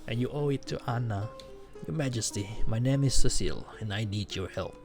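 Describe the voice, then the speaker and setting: A man voicing an earnest young knight from a game, in a plain, even way. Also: medium pitch, a little fast, faint music behind, close to an everyday voice.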